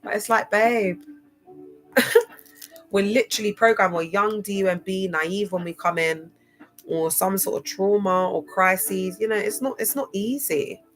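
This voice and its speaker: A woman's voice: mid-range voice, measured pace, fairly bright tone. Woman, casual livestream host, chatty, laughs a lot, faint music underneath. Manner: chatty, laughs often, spells out words.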